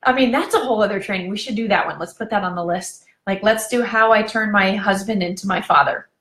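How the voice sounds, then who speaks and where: A woman coaching on relationships in a live video session, talking in a chatty, animated way and laughing as she goes. Her voice sits at a middle pitch. The room around her is echoey, as on a webcam or phone stream. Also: fast.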